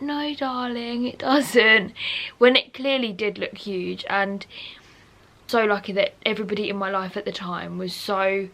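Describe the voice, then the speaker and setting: A woman's voice: medium pitch, vocal fry, a bit bright. A young woman vlogging candidly to camera, rambling frankly with lots of fillers and restarts. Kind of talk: candid personal talk to camera.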